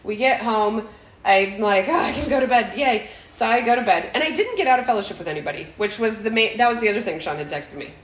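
A woman's voice: fairly high pitch, fast talker, roomy sound, rough recording. A middle-aged woman telling a family story in casual chat, acting out quotes with laughter. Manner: animated, acts out quotes with laughter.

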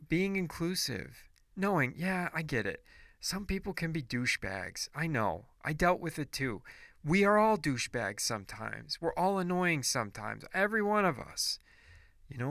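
Gravelly, bright-voiced man ranting bluntly. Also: mid-range voice, no echo, studio quality. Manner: blunt and profane, preachy; rambling with restarts. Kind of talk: casual ranting monologue.

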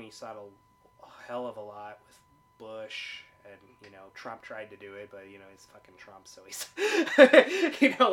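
A man's voice: lowish voice, a bit bright, a little hiss or hum. A man from the United States co-hosting a casual chat, laid-back, swearing and laughing often. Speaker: podcast co-host.

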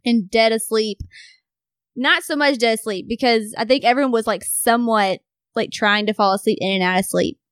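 A young woman with a fairly high voice, chatting and reminiscing with lots of laughter and lively retellings. The sound is dry and close, with no room around it. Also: normal speed, smooth, no echo. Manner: giggly, animated storyteller acting out quotes. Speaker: podcast co-host. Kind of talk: casual chat, reminiscing.

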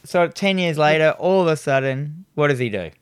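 A man, casually reviewing horror films with a co-host, animated and swearing freely as he retells scenes. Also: a little high, normal speed, clear, resonant tone, no room sound, studio quality. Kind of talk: casual film review chat.

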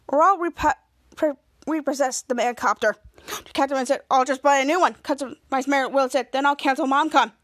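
A woman's voice: sits high, fairly even intonation, brisk, a bit bright. A woman hosting a podcast, casually recapping a TV episode scene by scene and quoting the characters' lines as she goes. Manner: retells scenes by quoting characters, with restarts and "cut to".

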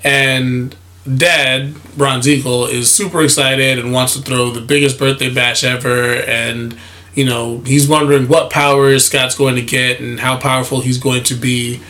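Man, bright voice, relaxed, rambling, lots of "you know". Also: medium pitch. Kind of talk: casual plot retelling.

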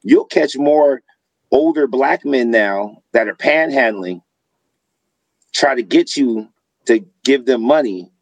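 A man co-hosting a podcast, telling animated, profane stories in casual chat. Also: medium pitch, takes it slowly, no room sound, low-quality recording. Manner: animated, profane storytelling with laughs. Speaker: podcast co-host.

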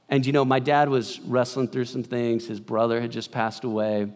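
A man preaching a sermon in a conversational way, moving from loud bursts to hushed passages. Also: medium pitch, normal speed, few pauses. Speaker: pastor. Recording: long hall reverb.

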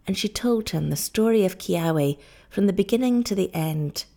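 A woman narrating an audiobook in a dramatic, expressive storytelling manner. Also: mid-range voice, normal speed, creaky.

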